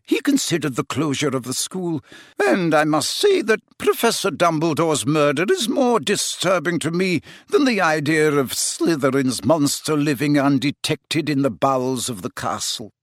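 A man voicing a stern, brisk elderly headmistress witch in an audiobook, crisp in manner. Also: sits low, very animated, no echo, studio quality, voice pushed up.

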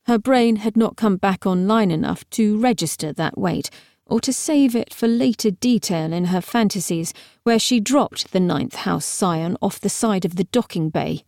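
A mid-range female voice delivers scripted audiobook narration with measured expressiveness. It's a dry recording of studio quality.

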